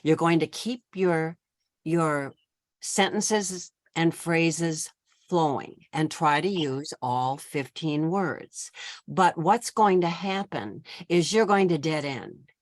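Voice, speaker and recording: A woman's voice: low-pitched, slow pace, no room sound, clean studio sound. A woman leading a poetry workshop, patiently explaining each step to her participants. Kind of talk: giving workshop instructions.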